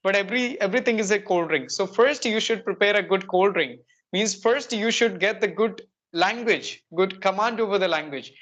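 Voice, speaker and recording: A woman with an Indian English accent, speaking as an English coach in a practice conversation. She explains patiently and reaches for everyday examples, in a voice of ordinary middle pitch. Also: moderate pace, hardly any pauses, fairly bright tone, muffled recording.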